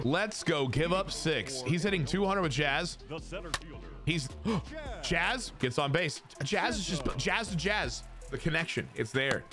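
A young man giving joking, excitable commentary on his own gameplay to his chat, with sudden shouts. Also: on the high side, takes it slowly, over music. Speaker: gaming streamer.

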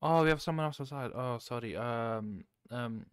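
A man streaming a cooking game, chatting casually, swearing and suddenly shouting. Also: medium pitch, moderate pace, clean tone, dry recording, clean studio sound. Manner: chaotic, swears, bursts of shouting. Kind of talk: casual gameplay chat.

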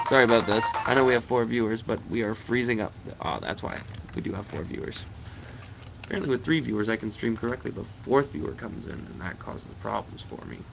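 A man's voice: fairly low pitch, creaky, fairly bright tone, highs cut off, a little hiss or hum. A young Canadian man with a Canadian accent, chatting to viewers while he plays a racing game live. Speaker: let's play streamer.

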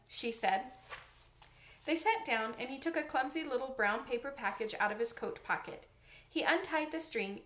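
A woman reads a classic storybook aloud, measured and expressive, her voice set a little high. A roomy echo lingers behind each phrase. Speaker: audiobook narrator. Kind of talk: storybook narration.

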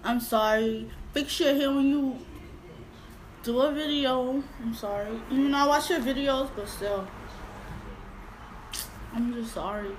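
Outspoken high-voiced woman reacting. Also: measured pace, long pauses, slight background noise, rough recording. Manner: outspoken, blunt, animated. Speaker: reaction video host. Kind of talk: casual reaction commentary.

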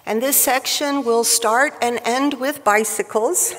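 A woman giving a prepared tribute speech at a professional society event, with a wry, measured delivery, at a podium microphone in a large hall. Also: on the high side, a bit bright. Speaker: speaker at a surgical society event. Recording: reverberant hall.

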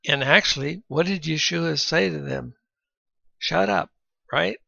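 Man, Bible teaching lecture, gravelly, clears his throat, dull lo-fi sound. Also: fairly high pitch, normal speed, sharp tone, no echo. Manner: reads scripture aloud between explanations, often clears throat.

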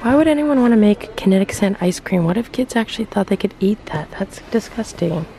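Rambling young woman with a gravelly voice. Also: medium pitch, brisk, soft background music. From California. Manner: rambling, indecisive, excitable. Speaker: vlogger. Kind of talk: casual vlog chat. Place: car and store.

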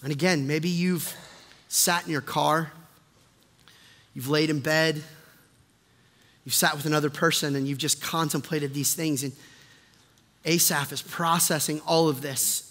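Male pastor, high bright voice, impassioned sermon delivery, long church-hall reverb. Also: steady tone, unhurried, long pauses. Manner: impassioned, builds from hushed to loud. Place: church sanctuary.

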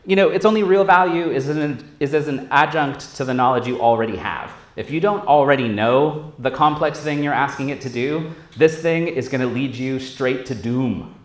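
A man's voice: mid-range voice, moderate pace. A man giving a casual, profane conference talk on stage, acting out quoted voices as he goes. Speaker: conference speaker. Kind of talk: live tech conference talk. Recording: roomy hall echo.

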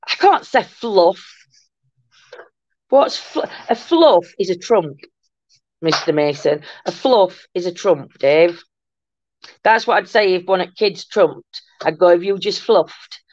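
A woman's voice: on the low side, lively intonation, slow, long pauses, a little mellow, no room sound. An older woman, hosting a casual livestream, chatting and greeting viewers with endearments. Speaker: livestream host. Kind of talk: casual live chat reading comments. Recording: muffled lo-fi dry room sound.

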